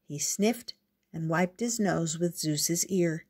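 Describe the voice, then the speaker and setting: Slow, husky woman reading a story. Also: on the low side, darkish tone. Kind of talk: reading a picture book aloud.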